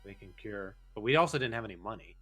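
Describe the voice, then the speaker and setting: A man's voice: fairly low pitch, lively intonation, quick pace, pushed and bright, husky, faint music behind. A man casually commenting on a horror game with a friend, reading its text aloud, swearing and laughing often. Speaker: let's play host.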